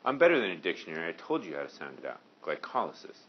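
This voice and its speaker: Male high school science teacher, lowish voice, casual classroom lecture, muffled lo-fi sound. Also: wildly swooping pitch, very fast, slight background noise. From Maine. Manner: casual, joking with students.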